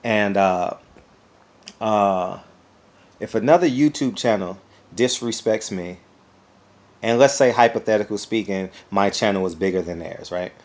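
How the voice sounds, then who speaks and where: Male YouTube commentator, fairly low voice, animated, rambling, repeats himself. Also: unhurried, long pauses. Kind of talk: casual opinion vlog.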